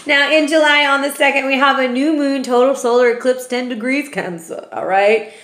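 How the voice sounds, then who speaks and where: A woman's voice: high-pitched, fairly even intonation, moderate pace, fairly bright tone. A woman giving a casual tarot reading, chatty and profane, often ending remarks with "okay?". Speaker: tarot reader. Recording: roomy echo.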